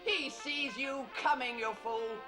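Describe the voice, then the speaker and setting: A shrill, distraught housewife. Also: female voice, fairly even intonation, a little slow, over music. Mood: overwrought. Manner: shrill, complaining, overwrought. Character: distraught, bitter housewife, nervy and accusing. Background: film score.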